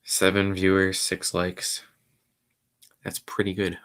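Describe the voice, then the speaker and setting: A man hosting his own podcast stream, rambling along casually in a low-key, somewhat mumbly way. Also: completely flat delivery, takes it slowly, fairly bright tone. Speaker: podcast host. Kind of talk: casual solo livestream chat.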